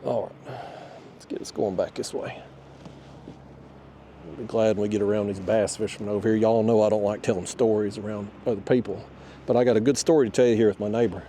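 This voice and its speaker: A man's voice: on the low side, fairly even intonation, a little fast, warm tone, a little hiss or hum. A middle-aged man tells a rambling, fired-up story to camera while fishing from a kayak outdoors, swearing freely. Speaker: fishing vlogger.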